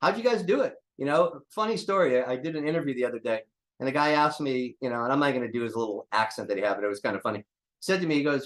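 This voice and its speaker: A man's voice: medium pitch, big pitch swings, fast. An older man, a drummer being interviewed, talking bluntly and casually with jokes and swearing. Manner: blunt, joking, swears freely. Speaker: drummer guest.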